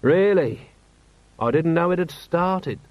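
A man's voice: on the high side, animated, takes it slowly, no room sound, pitched above the performer's own voice. A man doing a weary, dry-witted watch commander. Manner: dry, glum. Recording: dull, slightly lo-fi.

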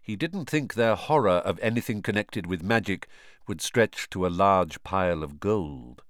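A man narrating a storybook in an expressive, lively way. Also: deep voice, moderate pace, no room sound, clean studio sound. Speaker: audiobook narrator.

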